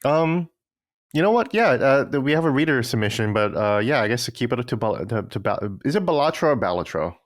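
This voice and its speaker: A man's voice: mid-range voice, expressive, a little fast, no room sound, studio quality. A man co-hosting a gaming podcast, chatting casually and often repeating and restarting words. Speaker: podcast co-host. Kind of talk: casual chat.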